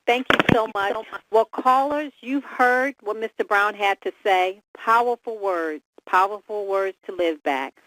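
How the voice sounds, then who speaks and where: A woman's voice: mid-range voice, unhurried, hardly any pauses, a bit bright, no room sound, rough recording. A woman hosting a call-in line, closing with encouragement and blessings for the listeners. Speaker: call host.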